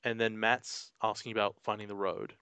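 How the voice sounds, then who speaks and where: A man's voice: on the low side, level tone, moderate pace, pushed and bright, clean tone, dry recording. Male co-host, casual rambling chat, laughs easily, dry sound. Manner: chatty, laughs often, acts out quotes. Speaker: podcast co-host.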